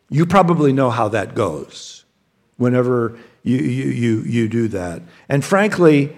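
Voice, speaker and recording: A man preaching a sermon in a chatty, unpolished way, his voice sitting a little higher than most men's. He stumbles over and repeats words as he restarts his sentences. He turns often to speak straight to the congregation. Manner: conversational, frequent word repeats and restarts; addresses the congregation directly. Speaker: pastor.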